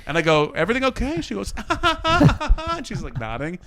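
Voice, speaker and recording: A man's voice: high-pitched, huge pitch swings, a little slow, vocal fry, fairly bright tone, clean tone. A man co-hosting a podcast, telling a story casually and acting out quotes, with some swearing. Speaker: podcast co-host.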